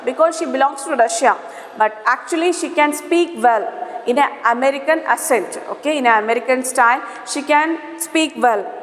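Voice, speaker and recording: A high-pitched woman with an Indian English accent explains a textbook lesson in a slow, repetitive way, with many fillers and an "okay?" after each point. Her voice rings in a bare, echoey room with a long reverb tail. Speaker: English teacher.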